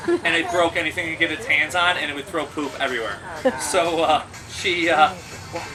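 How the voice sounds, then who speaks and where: A man telling casual stories about his pet monkey, animated, laughing often and acting out the voices of the people he quotes. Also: a little high, a little fast, far from the mic, music in the background, rough recording. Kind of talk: casual storytelling.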